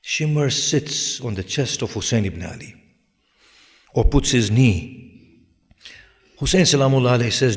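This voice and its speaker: A man of middle pitch preaches a sermon in a room with a long, trailing reverb. He drops to near-whispers, then builds to loud, forceful exhortation. He fires rhetorical questions directly at his audience. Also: lively intonation, unhurried, pauses often. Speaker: religious lecturer. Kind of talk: sermon lecture.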